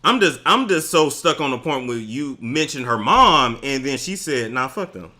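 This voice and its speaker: Man, casual co-host, lively pitch, brief reactions. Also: normal speed. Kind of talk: casual chat.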